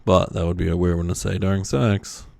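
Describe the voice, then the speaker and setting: A man's voice: sits low, fairly even intonation, brisk, vocal fry, a little mellow. A man co-hosting a podcast in casual chat, laughing often and restarting his sentences. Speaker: podcast co-host.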